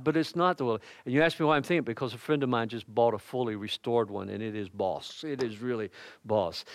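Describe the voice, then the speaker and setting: A man's voice: medium pitch, dry recording. An older man preaching a sermon as pastor, folksy and conversational, with personal asides and light humor. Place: church.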